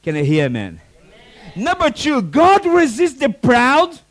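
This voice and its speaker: High-voiced animated preacher man. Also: a little slow. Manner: animated preaching with acted-out quotes and non-native phrasing. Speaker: pastor. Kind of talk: sermon.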